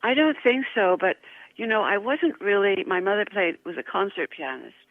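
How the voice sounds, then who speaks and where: An older woman, a guest actress, telling lively anecdotes in an interview, laughing often and poking fun at herself. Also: medium pitch, normal speed, no echo. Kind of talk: interview storytelling. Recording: tinny phone line.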